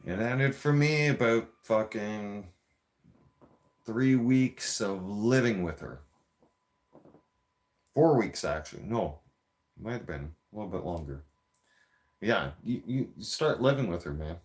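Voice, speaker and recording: A man's voice: fairly low pitch, expressive, takes it slowly, long pauses. A man telling a story in a heated, profane, rambling rant with frequent restarts, a few beers in. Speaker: vlogger.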